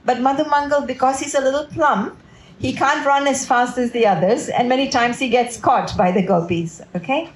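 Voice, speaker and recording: A woman's voice: sits high, normal speed. A woman giving a devotional storytelling talk at a family home, often checking in with her listeners. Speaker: devotional speaker. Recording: roomy echo in a home.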